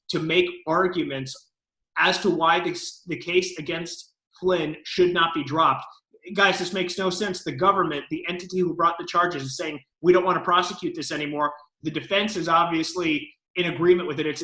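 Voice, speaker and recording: A man's voice: fairly high pitch, sharp tone, echoey room, poor audio. A man co-hosting a political talk show, giving emphatic, lawyerly commentary.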